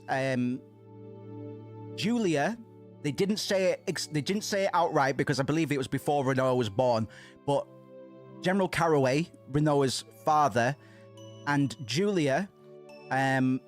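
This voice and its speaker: A man streaming himself playing a video game, chatting excitedly into a desk microphone, swearing and restarting his sentences. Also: medium pitch. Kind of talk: casual let's-play commentary.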